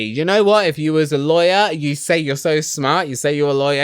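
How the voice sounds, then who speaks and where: A man ranting excitedly while recapping reality TV in a small home studio, swearing and dramatic. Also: on the high side, fairly quick, hardly any pauses, clean tone, dry recording.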